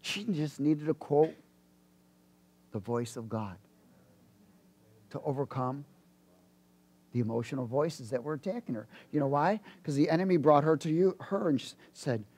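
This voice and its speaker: A man preaching a sermon, animated, jumping from loud bursts to low asides and laughing between points. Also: moderate pace, long pauses, slightly rough.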